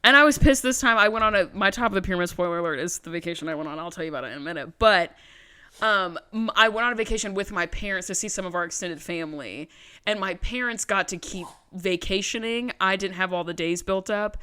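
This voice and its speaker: A young adult woman co-hosting a podcast in casual chat. She is animated and self-mocking, and swears casually. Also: mid-range voice, quick pace, clean tone. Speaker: podcast co-host.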